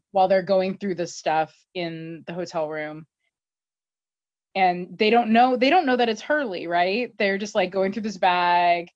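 Woman, casual recap, animated storytelling, fillers, dry dull audio. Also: mid-range voice, no echo.

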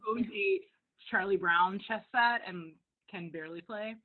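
A woman chatting casually about a TV episode, animated and laughing often as she acts out lines. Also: mid-range voice, normal speed. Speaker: podcast co-host. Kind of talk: casual recap chat. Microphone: remote call. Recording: tinny phone-like line.

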